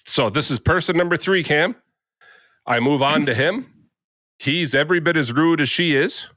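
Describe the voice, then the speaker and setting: A man's voice: on the high side, normal speed, sharp tone, dry recording. A man, a podcast co-host telling a rambling, exasperated story in casual chat.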